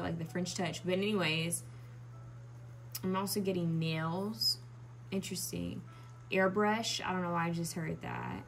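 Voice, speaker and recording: A woman's voice: medium pitch, sharp tone, slight background noise. A young woman giving a pick-a-card tarot reading, musing aloud with frequent restarts and ums. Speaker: tarot reader.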